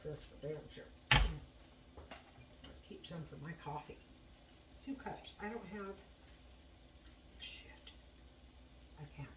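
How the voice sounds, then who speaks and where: A woman chatting casually while she cooks in her home kitchen, blunt and swearing now and then as she talks to herself. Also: on the low side. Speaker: home cooking vlogger. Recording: distant mic with audible noise.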